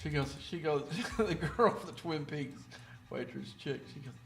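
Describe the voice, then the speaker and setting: A man in his fifties telling a rambling personal story casually, full of restarts and fillers, raising his pitch when he quotes others. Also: lively intonation, moderate pace, vocal fry, fairly bright tone. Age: 50s. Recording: echoey room, faint music behind.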